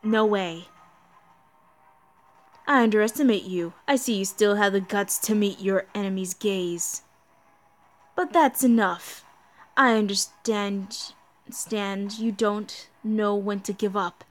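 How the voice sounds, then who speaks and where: A woman's voice: mid-range voice, slow, long pauses, natural voice. A woman voicing a monstrous demon god collective in a game, taunting and laughing theatrically while reading the dialogue aloud. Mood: mocking.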